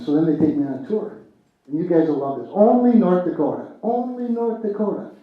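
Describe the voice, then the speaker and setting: A man giving a speech at a political convention, telling a story with fillers and restarts. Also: on the high side. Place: convention hall. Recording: echoey hall, distant, tinny lo-fi.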